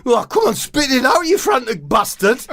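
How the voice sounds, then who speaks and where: A man's voice: very high-pitched, very animated, normal speed, vocal fry, a bit bright, pitched above the performer's own voice, heavily acted. A man voicing a brash, bossy young footballer who speaks in a blunt, scolding way. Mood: impatient. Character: brash, bossy young male team leader.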